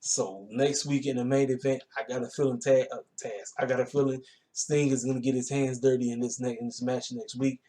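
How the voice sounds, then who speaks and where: A man's voice: medium pitch, steady tone, brisk, warm tone. A man giving a casual, rambling recap of a wrestling show, talking. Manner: laid-back, colloquial, rambling with fillers.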